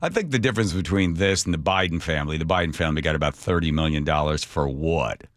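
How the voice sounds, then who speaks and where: Male talk radio host, deep voice, sarcastic, dry studio sound. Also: fast, no room sound. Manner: wry, animated, sarcastic asides. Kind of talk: casual talk radio commentary.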